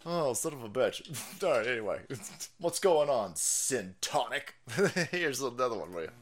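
A man's voice: mid-range voice, big pitch swings, a little slow. A man hosting a livestream with crude, joking commentary, laughing often between remarks. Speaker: stream host.

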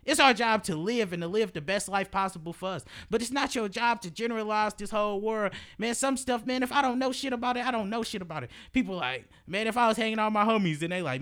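High bright-voiced young man preaching. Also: expressive, fairly quick, hardly any pauses. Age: early 20s. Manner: emphatic, preachy, casual slang and swearing; repeats phrases for emphasis. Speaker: podcast host. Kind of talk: motivational monologue.

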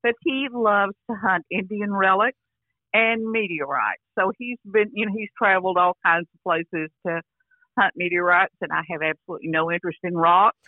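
An older actress chatting casually as an interview guest over a phone line, rambling with restarts and frequent "you know". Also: female voice, medium pitch, normal speed, no room sound. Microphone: phone call.

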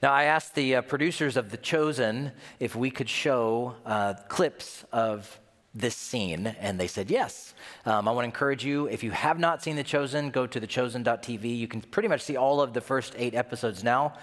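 A man preaching a sermon as pastor in a conversational, animated way, acting out scenes as he tells them. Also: medium pitch, normal speed, long reverb tail.

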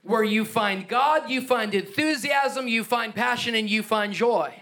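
A man preaching a sermon as pastor, energetic and emphatic, with playful asides and chuckles. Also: very high-pitched, a little slow, creaky.

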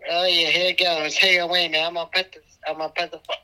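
A man's voice: a little high, level tone, rapid-fire, bright, forceful tone, clear, resonant tone, rough recording. Profane drunk man on a phone. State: hiccups. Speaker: comedy show regular. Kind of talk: crude comedic banter. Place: hospital room.

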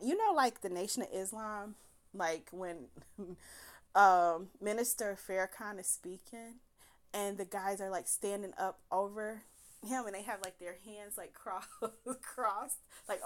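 Young woman, casual storyteller; foul-mouthed, animated, laughs a lot. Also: medium pitch. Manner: profane, animated, laughs often.

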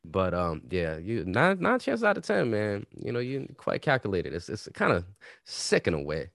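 A man with a lowish voice co-hosts a casual podcast, telling stories loosely and profanely with bursts of energy. The sound is dry and close to the mic. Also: normal speed, creaky, no echo. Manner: profane, animated storytelling. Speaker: podcast co-host.

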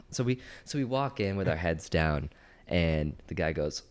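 A young man co-hosting a podcast, telling a story in a casual, animated way and acting out the voices of the people in it. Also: deep voice, moderate pace, few pauses. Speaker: podcast co-host.

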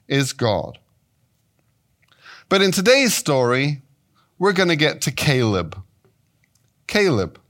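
English man in his fifties, guest preacher, animated and playful, voice on the high side. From England. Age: 50s. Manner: animated, playful, with shifting pitch and pace. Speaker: guest speaker and Bible teacher. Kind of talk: sermon.

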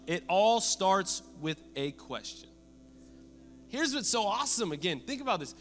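A man preaching a sermon as pastor, lively and conversational, acting out the people he quotes. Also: high voice, a little fast, long reverb tail, soft background music.

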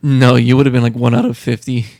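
A man's voice: mid-range voice, fast, gravelly, no room sound. Easygoing man, mid-range voice, casual car chat, dry close sound. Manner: relaxed, brief replies, casual swearing. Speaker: co-host.

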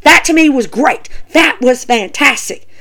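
Woman on her podcast ranting about wrestling, highish voice, swings all over the place. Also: a little slow. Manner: animated, ranting, lots of fillers. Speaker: podcast host. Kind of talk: casual wrestling commentary.

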